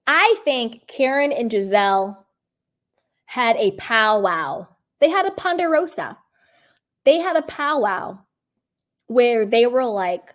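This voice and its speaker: Woman vlogger, higher pitch, casual and emphatic commentary, lots of fillers. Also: animated, unhurried. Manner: chatty and emphatic, frequent "like" and "you know". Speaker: reality TV commentator.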